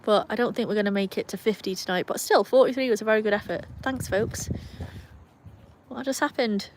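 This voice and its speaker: A woman's voice: mid-range voice, brisk, a little mellow, a little hiss or hum. A young British woman hosting a casual live stream from her phone outdoors, chatting and reading viewer comments aloud with a self-mocking manner. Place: outdoors in cold weather with her dogs.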